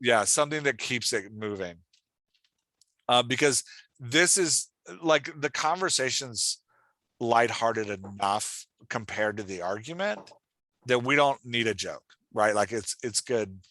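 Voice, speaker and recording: A man's voice: medium pitch, lively intonation, a little slow, sharp tone, dry recording. A man hosting a podcast and giving casual, encouraging feedback on a writer's dialogue, talking loosely with lots of filler words. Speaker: podcast host and writing coach.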